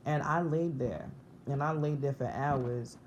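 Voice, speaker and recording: Speaking a little slowly in an extremely low, darkish voice, a vlogger in her thirties shares her spiritual testimony to camera. She is earnest and emotional, frequently restarting and repeating herself. The sound is lo-fi with a little hiss or hum.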